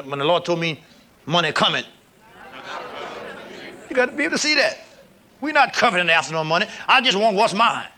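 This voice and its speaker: Bright-voiced male preacher, high and ringing. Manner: call-and-response preaching, reads scripture aloud, rising to shouts. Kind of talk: sermon. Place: church service with a congregation.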